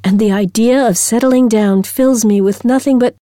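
A woman reading aloud a man's formal, measured letter in a short story, in her own voice. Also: a little high, dark tone, no room sound, clean studio sound, voice pushed up, lightly acted. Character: man writing a cool, formal breakup letter.

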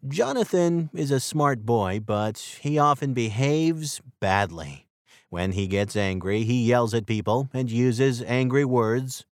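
A man narrating a textbook story for language learners in a clear, deliberate and expressive way. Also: mid-range voice, dry recording, studio quality. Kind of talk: slow scripted narration for learners.

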